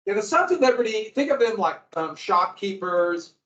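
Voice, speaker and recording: A man's voice: high voice, sing-song, normal speed, fairly bright tone. Guy teacher going over a worksheet, chatty loose explaining, kinda muffled lo-fi, echoey room. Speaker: history teacher. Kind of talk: classroom lecture. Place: classroom. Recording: echoey, dull lo-fi classroom audio.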